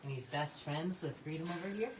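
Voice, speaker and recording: A volunteer caretaker, out of breath, chatting affectionately during a live-stream barn tour. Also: female voice, deep voice, a little fast, noisy background. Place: horse barn.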